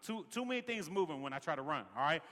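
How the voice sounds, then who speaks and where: Pastor guy preaching in a big worship center, high pitched, echoey hall, keeps saying man. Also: expressive, fast, sharp tone. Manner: preachy, repeats "man" constantly, rhythmic refrains. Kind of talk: sermon.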